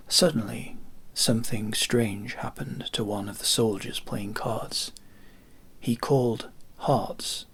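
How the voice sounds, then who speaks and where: A man reading a classic short story aloud in calm, hushed narration that often drops to a half whisper. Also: mid-range voice, gravelly, husky. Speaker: reader.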